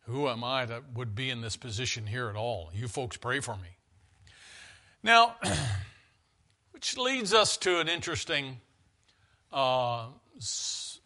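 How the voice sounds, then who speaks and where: A man's voice: on the high side, pushed and bright. A man preaching an earnest, conversational sermon in a church, often restarting his phrases.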